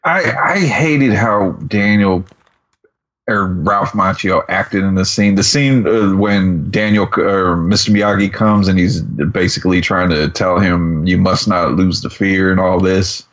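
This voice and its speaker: A man's voice: low-pitched, measured pace, fairly bright tone, dull audio. A man co-hosting a movie podcast, making blunt, laid-back remarks in casual chat. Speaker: podcast co-host.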